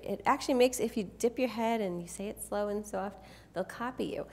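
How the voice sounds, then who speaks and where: Woman presenter, fairly high pitch, gravelly fry, playful and teasing. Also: a little fast, few pauses. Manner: playful, teasing, directs volunteers. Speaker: workshop presenter. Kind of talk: live workshop talk. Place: event room with an audience.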